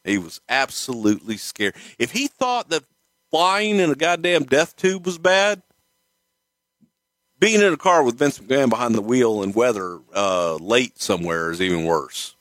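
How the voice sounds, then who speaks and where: Man, telling stories, swearing a lot, lively pitch, dry sound. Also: a little slow, dry recording. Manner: profane, animated storytelling. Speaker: guest storyteller. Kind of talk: casual storytelling.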